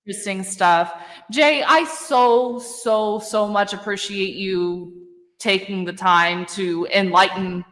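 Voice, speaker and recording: A woman's voice: medium pitch, a bit bright, long reverb tail. A woman hosting a casual true-crime chat, effusive and blunt, swearing casually. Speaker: podcast host.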